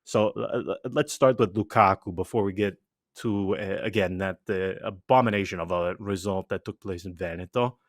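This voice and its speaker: A man hosting a casual podcast chat, animated and rambling, full of asides and restarts. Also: deep voice, normal speed, dry recording, studio quality. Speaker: podcast host.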